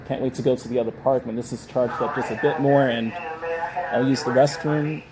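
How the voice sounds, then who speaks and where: A man's voice: mid-range voice, steady tone, a little fast, a loud crowd. A man casually chatting on a live stream, thanking viewers, reading their comments aloud and laughing often. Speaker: livestream host. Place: indoors, public building.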